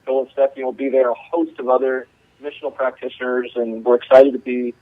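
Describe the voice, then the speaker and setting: A man from the Charlotte area calling in as a radio guest, earnest and filling his pauses with ums and uhs. His voice is of ordinary pitch for a man. The line is narrow and phone-like, and completely dry. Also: level tone, no room sound. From Charlotte, North Carolina area. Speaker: guest, community organizer.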